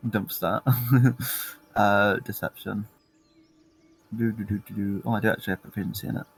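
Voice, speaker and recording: A man's voice: fairly low pitch, fairly even intonation, moderate pace, vocal fry, faint music behind. A British man playing a tabletop game, joking and playful. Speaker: player.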